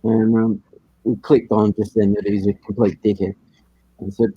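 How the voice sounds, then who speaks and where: A man's voice: lowish voice, fairly even intonation, moderate pace, dark tone, husky, no echo, muffled recording. An Australian man telling a tall story in a casual voice chat, laid-back and chuckling at his own jokes.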